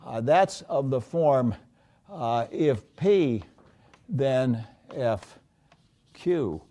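An older man giving a university lecture, often pausing on uh and stressing his example sentences. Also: mid-range voice, expressive, warm tone. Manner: many uh fillers, emphatic example phrases. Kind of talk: classroom lecture. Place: lecture hall.

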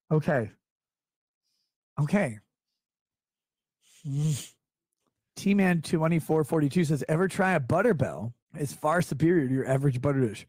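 Brief: male streamer, sarcastic profane rant, very animated pitch. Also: unhurried, pauses often, breathy edge, no echo, studio quality. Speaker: livestreamer reading chat. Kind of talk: ranting livestream monologue.

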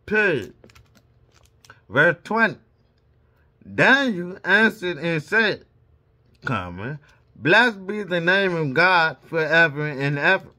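A man reads scripture aloud at an unhurried pace, saying each comma and period out loud. His voice sits a little high and bright, and it rises and falls widely. Between verses he slips into casual, chatty asides. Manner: reads punctuation marks aloud. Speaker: Bible reader. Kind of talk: reading scripture aloud with commentary.

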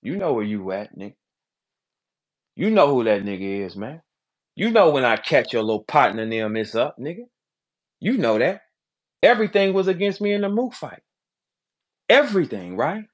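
Battle rapper guy going off on someone, loud then mumbly, talks trash nonstop. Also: sing-song, moderate pace, long pauses. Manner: confrontational, swings between shouting and low muttering. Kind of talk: heated trash talk call-out.

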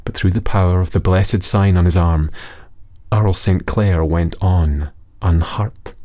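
A man reading a fairy tale aloud for children in a slow, measured, dramatic way. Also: low voice, fairly even intonation, mellow. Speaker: storyteller.

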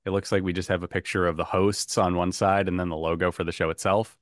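A man's voice: deep voice, level tone, fast talker, no room sound, studio quality. A man hosting a casual podcast quiz game, upbeat and chatty, who laughs often. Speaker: game show host.

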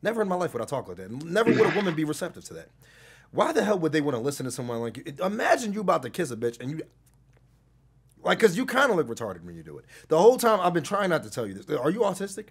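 A man's voice: on the high side, huge pitch swings, fast talker. A man doing an impression of a smug, insulting middle-aged male relationship consultant on a live stream, with a condescending, mocking manner. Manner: condescending, mocking, drops to a hushed whisper. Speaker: stream host.

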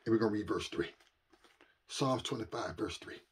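A man preaching a sermon, moving from quiet scripture reading to loud, repetitive preaching cadences. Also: lowish voice, moderate pace, slight background noise. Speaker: minister.

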